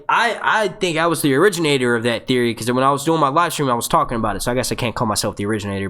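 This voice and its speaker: Young male livestream host, casual and rambling, mid-range voice, quick to swear and laugh. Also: mid-range voice, a bit bright. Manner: rambling, with many fillers and self-corrections, swears and laughs easily. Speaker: host of a TV show discussion livestream.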